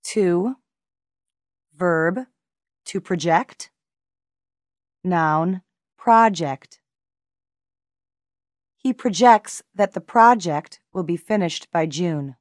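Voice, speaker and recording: A woman reading language lesson examples in a measured way, enunciating each word carefully and pausing between words. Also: lowish voice, lively intonation, a little mellow, no room sound, studio quality. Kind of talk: slow, deliberate lesson reading.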